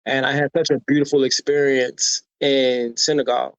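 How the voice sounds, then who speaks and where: An American man being interviewed on a podcast tells personal stories with energy, acting out the voices of people he quotes and often tossing in "right?" to draw the listener in. His voice is medium-pitched with a level tone and moderate pace, and the recording is dry and rough.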